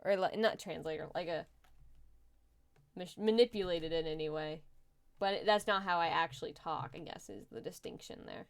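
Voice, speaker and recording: A woman's voice: on the low side, moderate pace, creaky. A young adult woman chatting casually on a live gaming stream, laughing often and thinking aloud while she plays.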